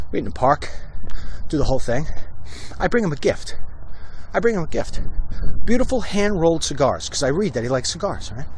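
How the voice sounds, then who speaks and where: A man hosting a walk-and-talk vlog, telling animated stories and slipping into mocking impressions as he walks outdoors. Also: mid-range voice, a little hiss or hum. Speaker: host. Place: outdoors, walking.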